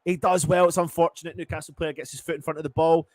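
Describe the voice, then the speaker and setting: A man giving partisan live football commentary as a fan, swearing and swinging from low muttering to loud shouts. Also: little pitch movement, fast talker, no echo.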